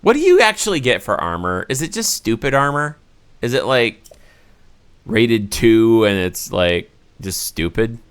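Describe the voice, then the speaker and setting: A man's voice: medium pitch, very animated, unhurried, clear, resonant tone. A man in his thirties with a Southern US accent, hosting a let's play and commenting on his gameplay, often frustrated and talking straight to viewers. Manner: frustrated, talks to viewers, loud outbursts.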